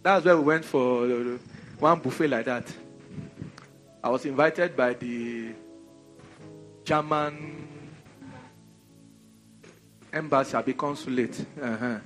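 A Nigerian man preaching a sermon in an animated, conversational way, full of rhetorical questions. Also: medium pitch, slow pace, pauses often, soft background music.

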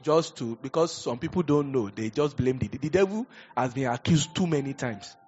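A man preaching a sermon, animated and conversational, acting out little scenes as he goes. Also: mid-range voice, moderate pace, lo-fi sound, faint music behind. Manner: animated preaching with acted asides. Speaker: pastor.

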